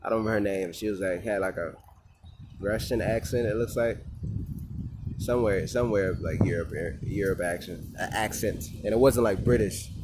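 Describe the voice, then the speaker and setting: A man's voice: fairly low pitch, normal speed, background noise. A man venting in a casual vlog, rambling and swearing, with many fillers and restarts. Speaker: vlogger.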